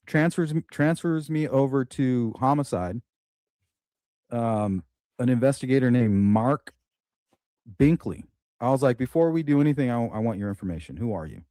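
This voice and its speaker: A man's voice: medium pitch, normal speed, dry recording, clean studio sound. A man telling a story in casual chat, animatedly acting out the dialogue. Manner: animated retelling, acts out dialogue.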